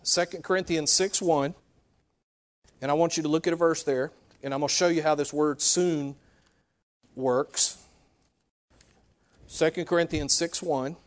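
High-voiced man preaching a sermon. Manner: animated, repeats phrases, checks in with "okay?". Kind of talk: sermon teaching.

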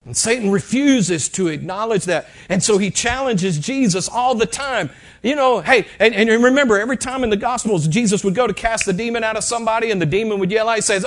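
Man, pastor, high voice, dramatic sermon delivery, church. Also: a little fast. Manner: animated, dramatic storytelling with shifts in loudness.

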